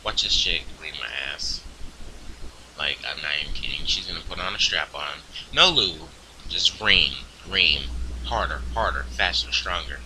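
A young man casually commentating his online game, crude and profane, rambling quietly and then suddenly yelling at other players. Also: sits low, normal speed, noisy background. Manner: crude, profane, swings into loud outbursts. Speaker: gaming video host.

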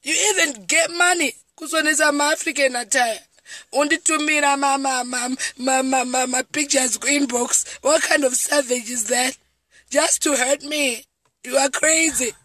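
A woman's voice: high-pitched, measured pace, bright, forceful tone, dry recording. A distraught Zimbabwean woman in tears, speaking in a repetitive, pleading outburst on a live video. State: tearful and distraught. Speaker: comedian. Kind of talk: emotional live video monologue. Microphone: phone.

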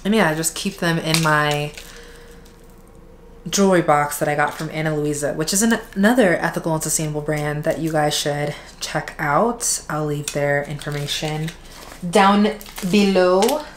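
A woman with a notably low, deep voice chatting her way through an unboxing. She talks in a relaxed, candid way and drops in plenty of "like" fillers as she goes. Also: moderate pace, a little hiss or hum. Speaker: unboxing vlogger. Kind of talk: casual chat.

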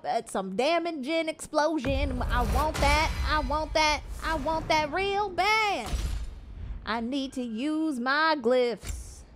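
A woman with a high, bright voice gives casual gameplay commentary, playful and chatty as she talks herself through menus. She speaks in an unhurried way, and faint noise sits under the recording. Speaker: gaming streamer.

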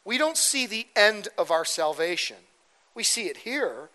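A man's voice: high-pitched, very animated, unhurried, sharp tone, long reverb tail. A man preaching a verse-by-verse sermon as pastor, conversational, often checking in with "okay?" and "right?". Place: church sanctuary.

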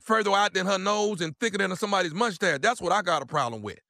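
Brief: a man doing a loud, slangy, threatening husband, high and bright-toned. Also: lively intonation, fast talker, gravelly, dry recording, studio quality, exaggerated voice. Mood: blustering. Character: irate loud husband ranting about his wife's eyelashes. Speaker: prank caller.

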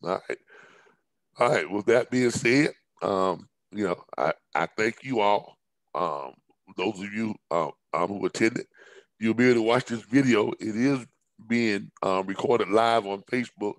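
A man with a fairly low, scratchy, hoarse voice gives a live-streamed business presentation with no room sound. He talks haltingly, with many fillers and restarts.

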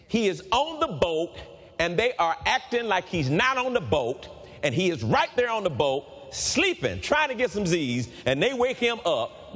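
A man preaching a sermon, reading scripture aloud and acting out its dialogue in an animated way. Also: sits high, unhurried, breathy edge, big-room sound. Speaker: pastor.

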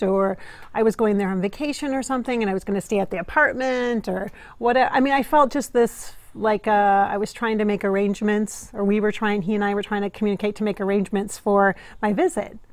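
A woman's voice: on the high side, no echo. A middle-aged woman, a psychic vlogger, gushing and giggling as she talks to the camera with lots of fillers. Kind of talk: gushing casual talk to camera.

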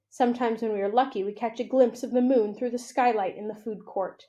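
A woman reading a children's novel aloud for a library, with expressive, steady storytelling. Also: medium pitch, normal speed, few pauses.

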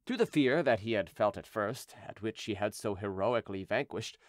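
A man reading an audiobook in a steady, measured narration. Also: on the low side, no room sound, studio quality. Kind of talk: scripted narration.

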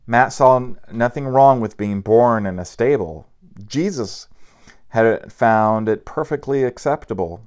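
A man narrating an audiobook in a low, smooth, resonant voice. He reads steadily, now and then tripping and restarting a word. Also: measured pace. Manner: steady reading with occasional stumbles and restarts.

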